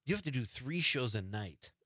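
Wisconsin man as talk show host, bright sharp voice, dry close mic. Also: medium pitch, sing-song, dry recording. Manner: easygoing, joking, quick to laugh along. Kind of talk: casual radio interview chat.

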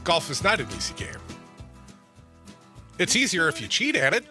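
A man hosting a political talk radio show, trading sarcastic jabs with a lively, quick delivery. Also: high-pitched, faint music behind.

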